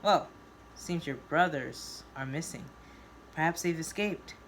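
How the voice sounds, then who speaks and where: A woman voicing a smug, sly man who speaks in a flat, mocking tone. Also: sits low, measured pace, a little hiss or hum. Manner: monotone, mocking. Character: smug, sly older brother, monotone.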